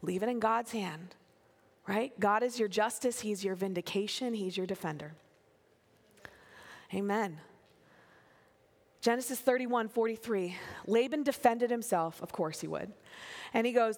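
A woman preaching a sermon, animated and playful, acting out the figures of the scripture story she tells. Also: medium pitch, moderate pace, long pauses. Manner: animated, acts out biblical figures in playful voices. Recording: long hall reverb.

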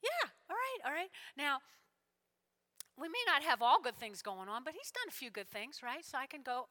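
A woman preaching a sermon in a church, animated and repetitive, often checking in with her listeners. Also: high voice, moderate pace. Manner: animated, repeats lines, checks in with "all right?". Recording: long hall reverb.

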